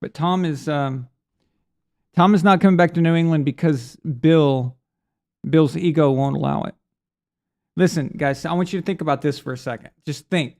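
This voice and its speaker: A man's voice: on the high side, moderate pace, a little mellow. A man hosting a live sports stream in a casual, rambling way, reading out viewer messages. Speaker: sports show host.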